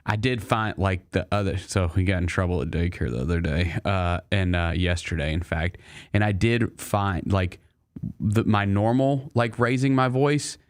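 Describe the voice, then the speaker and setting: A young man co-hosting a sports show, agreeable and relaxed in casual chat. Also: deep voice, normal speed. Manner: easygoing, agreeable.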